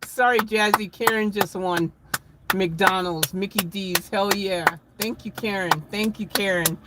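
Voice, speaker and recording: A man chatting casually with viewers in a live vlog, laughing and getting excited, recorded in a van. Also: sits high, unhurried, heavy background noise. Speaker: vlogger.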